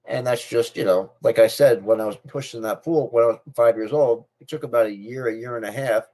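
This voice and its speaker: A middle-aged man with a speech difference (not a stutter) chats casually to his viewers as a channel host, talking personally to camera. His voice is medium-pitched, fairly quick and dark in tone, and he repeats and restarts phrases as he goes.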